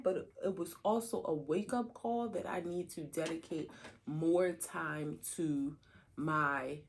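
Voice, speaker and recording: A woman with a fairly low voice co-hosts a podcast in relaxed, candid chat. She talks openly and laughs easily. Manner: chatty and candid, laughing often. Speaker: podcast co-host. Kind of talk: casual chat.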